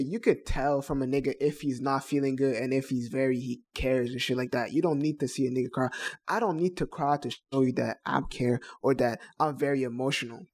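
A man's voice: mid-range voice, darkish tone. Blunt slangy young man chatting. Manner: blunt, slangy, repeats phrases. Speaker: podcast co-host. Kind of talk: casual podcast chat.

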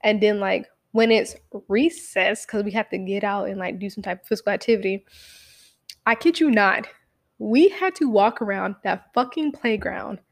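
A young woman telling a casual story about her own life, profane and animated, full of fillers and acted-out quotes. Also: mid-range voice, normal speed, creaky.

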